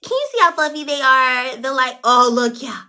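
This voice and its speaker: A woman hosting a casual beauty livestream from home, chatty and excitable, full of slang and swearing. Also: sits high, measured pace.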